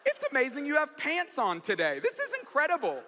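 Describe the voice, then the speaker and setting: A man's voice: very high-pitched, normal speed, bright, forceful tone, in a large hall, pitched above the performer's own voice. A man putting on a playful, exaggerated impression of a female British GPS voice. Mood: scornful. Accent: put-on British. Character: British female GPS voice, polite, then mocking.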